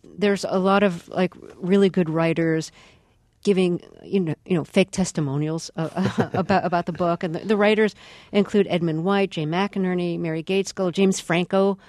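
A woman's voice: lowish voice, fairly even intonation, moderate pace, a little mellow, no room sound, clean studio sound. A woman interviewing an author, asking loosely phrased, conversational questions.

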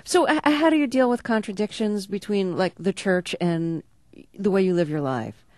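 A woman interviewing a guest on the radio, curious and quick to laugh. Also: mid-range voice, darkish tone, dry recording.

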